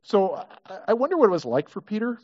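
A man's voice: sits high, sing-song, quick pace, mellow, lo-fi sound. A man preaching a sermon in a conversational way, often acting out the people in the story and repeating words as he restarts. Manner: conversational, acts out quoted prayers, frequent restarts. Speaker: pastor.

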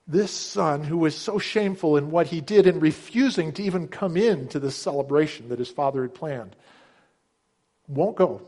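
A man's voice: expressive, moderate pace, darkish tone. A middle-aged man preaching a sermon, earnest and emphatic, acting out the characters' words with a lifted voice. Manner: earnest, emphatic, acts out quotes with raised pitch. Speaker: pastor.

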